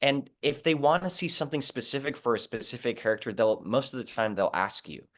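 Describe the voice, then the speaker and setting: A young adult man, a Broadway performer, talking earnestly in an interview, animated and full of restarts and "like". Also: mid-range voice, fairly quick. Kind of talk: conversational interview.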